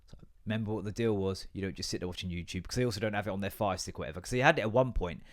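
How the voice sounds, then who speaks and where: A man's voice: low-pitched, rapid-fire. Sweary ranting man. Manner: acts out both sides of conversations. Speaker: podcast host. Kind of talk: casual podcast rant.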